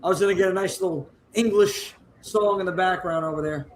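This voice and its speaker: A male podcast host chatting on a live stream, excitable and flustered, talking over the others. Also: sits high, a little fast, a little hiss or hum. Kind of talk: casual live-stream chat.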